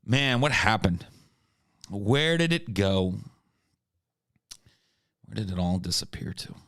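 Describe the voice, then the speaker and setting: A man's voice: on the low side, sing-song, takes it slowly, a bit bright, no room sound, clean studio sound. A man hosting a livestream, chatting casually and reading viewer comments in a crude, profane, sarcastic way. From United States. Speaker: livestream host.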